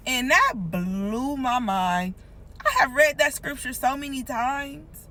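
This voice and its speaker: A woman's voice: sits high, slow, bright, forceful tone, slight background noise, low-quality recording. A woman giving an earnest, informal devotional teaching, repeating points for emphasis. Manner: earnest, repetitive, emphatic, conversational. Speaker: Christian content creator.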